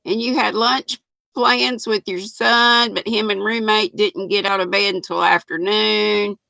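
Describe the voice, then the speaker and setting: A woman's voice: mid-range voice, steady tone, unhurried, vocal fry, pushed and bright, no echo, rough recording. An older woman, hosting a knitting livestream, chatting folksily and greeting viewers by name. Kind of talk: casual live chat reading comments.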